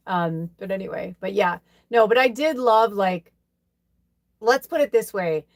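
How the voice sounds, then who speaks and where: A woman's voice: medium pitch, fairly quick, no echo, clean studio sound. A middle-aged woman from Chicago hosting a live card reading, talking in a rambling, chatty way with many fillers and laughs. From South Side Chicago, USA. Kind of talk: casual live-stream chat.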